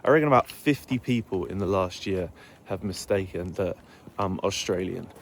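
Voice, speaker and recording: A man's voice: low voice, expressive, moderate pace. A young man from Essex with an Essex English accent, talking casually and rambling to his vlog camera on an early morning walk outdoors, swearing freely. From Essex, England. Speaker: fitness vlogger.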